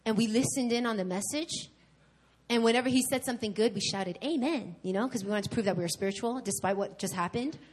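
A woman from New York preaching a sermon at a church service, telling her own story in a candid, animated way with emphatic repetition. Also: fairly high pitch, quick pace, slightly rough. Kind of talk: sermon with personal testimony.

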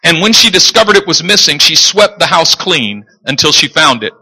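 Bright-voiced preacher man in a big hall. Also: on the high side, normal speed, slightly rough. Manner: animated, jokes and acts out quoted characters. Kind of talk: sermon. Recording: long hall reverb.

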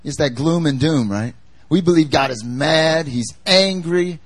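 Chatty, emphatic pastor, dry sound. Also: male voice, fairly high pitch, a little slow, dry recording. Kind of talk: conversational sermon. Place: church service.

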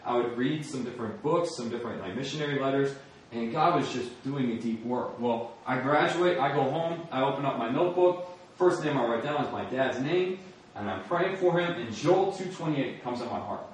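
A man's voice: medium pitch, moderate pace, slight background noise. A young man giving an earnest testimony sermon, telling his story and acting out his prayers with laughs. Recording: echoey hall from far off.

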